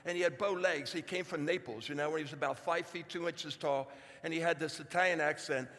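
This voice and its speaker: High, bright old man storytelling in a hall. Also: brisk. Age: 70s. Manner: folksy, jokey, talks straight to the crowd. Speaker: speaker. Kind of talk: storytelling speech to a live audience. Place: large hall before an audience.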